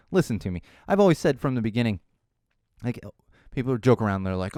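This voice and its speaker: A man hosting his own podcast, talking solo in an animated, ranting way and mocking other people's voices. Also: on the low side, fast, smooth, no echo, clean studio sound. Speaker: podcast host.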